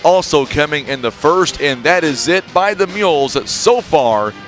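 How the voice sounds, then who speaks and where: Male play-by-play announcer, slightly high voice, brisk stat rundown, light music bed. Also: expressive, a bit bright. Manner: brisk, reels off numbers, teasing. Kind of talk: radio basketball halftime stats rundown.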